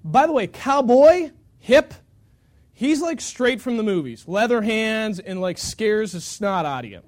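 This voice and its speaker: Guy pastor with a really high voice, animated storyteller, jokes at his own expense. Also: unhurried. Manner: animated, self-mocking storyteller with acted-out quotes. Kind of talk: storytelling sermon.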